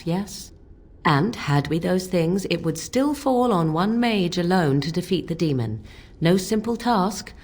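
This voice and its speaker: Sardonic woman mage, husky voice, lively pitch, archaic phrasing. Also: heavily acted. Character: wry, aloof woman mage, dry wit.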